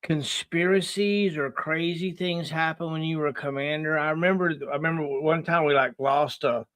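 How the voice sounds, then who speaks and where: A man hosting an interview, asking eager, halting questions. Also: on the high side, steady tone, a bit bright. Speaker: host.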